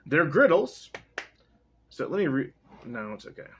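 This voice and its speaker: A man's voice: on the high side, big pitch swings, measured pace, slight background noise. A young man reading a text aloud and casually commenting on it, rambling, profane and often interrupting himself. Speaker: reader.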